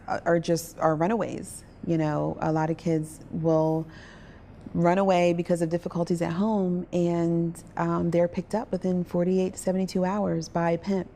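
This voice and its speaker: A woman earnestly telling her own story as a survivor advocate, with restarts, over soft music. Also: fairly low pitch, gravelly, slight background noise. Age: adult parent. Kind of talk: personal testimony.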